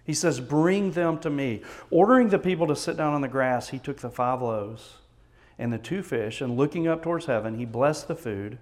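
A man's voice: mid-range voice, expressive, a little fast. Texan male pastor, mid-range voice, earnest sermon delivery with strong dynamic swings.

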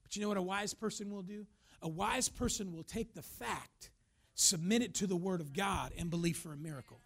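A man's voice: high voice, fairly quick, vocal fry, a bit bright. A man preaching a sermon as pastor, emphatic, now and then acting out the voices of the people he talks about.

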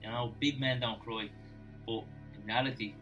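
A man hosting a podcast interview, asking earnest questions in a halting way with many fillers. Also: medium pitch, fairly even intonation, a bit bright, soft background music, poor audio. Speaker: podcast host.

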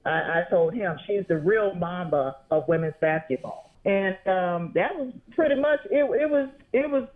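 Excited rambling woman on a phone line. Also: medium pitch, normal speed. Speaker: phone-in guest, writer. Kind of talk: casual phone interview.

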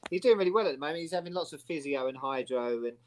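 A man's voice: fairly high pitch, lively intonation, rapid-fire, a little mellow. A man as co-host in a casual chat, talking in an upbeat way and laughing along.

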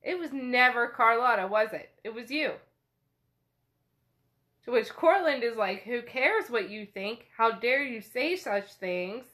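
A woman's voice: fairly high pitch, animated, unhurried, fairly bright tone. A woman casually retelling a novel chapter, chatty and full of fillers. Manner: chatty paraphrasing with frequent fillers. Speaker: book podcast host.

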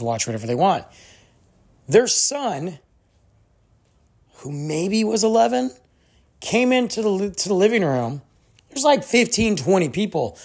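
Alone on his podcast, a host with a gravelly, husky, mid-range voice rants animatedly through a story. His pitch swings widely up and down, and he slips into the voices of the people he quotes.

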